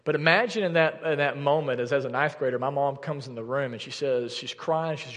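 A man's voice: mid-range voice, fast, few pauses, fairly bright tone, long reverb tail. A young adult man preaching a sermon as pastor, addressing the congregation directly and earnestly. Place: church sanctuary.

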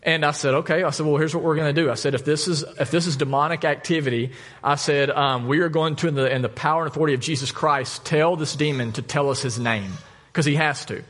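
A male pastor preaching a sermon, telling a story with lively asides and jokes. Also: a little high, fast talker. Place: church.

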